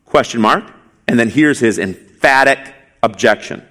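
A man's voice: medium pitch, lively intonation, moderate pace, fairly bright tone. A male pastor preaching an expository sermon, emphatic, asking rhetorical questions and repeating key phrases.

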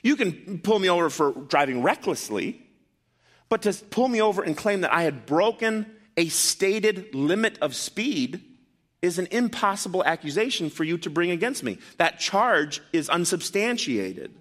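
A man preaching a sermon in a church, his fairly high, bright voice swinging widely in pitch. He leans into emphatic, loud lines and then drops low and quiet for asides to the congregation. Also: moderate pace. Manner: animated, rising to emphatic bursts, dropping low for asides. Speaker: pastor.

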